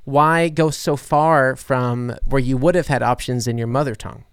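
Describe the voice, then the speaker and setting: A man's voice: mid-range voice, fairly even intonation, normal speed, clear, resonant tone, no echo, studio quality. A man interviewing guests over a video call, asking long rambling questions full of fillers and restarts.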